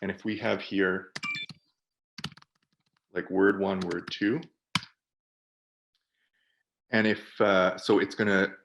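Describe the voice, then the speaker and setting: A man on a video call, presenting for a product team and walking through software in a webinar while thinking aloud. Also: deep voice, flat delivery, slow pace, creaky, background noise.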